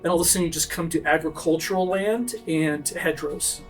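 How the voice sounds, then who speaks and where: High-voiced man narrating as game master. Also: soft background music. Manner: descriptive, brisk scene-setting. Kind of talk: narrating a tabletop role-play game.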